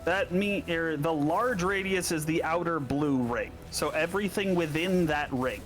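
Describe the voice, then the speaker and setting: A man's voice: a little high, a little slow, faint music behind. A man patiently explaining a game on a stream, stumbling over hard names with a laugh. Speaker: game coach.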